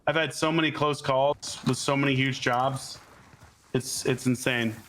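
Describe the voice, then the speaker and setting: A man's voice: medium pitch, steady tone, unhurried, fairly bright tone, slight background noise. A laid-back man from Florida, an actor guest on a podcast who tells stories and swears freely while chatting casually during a game.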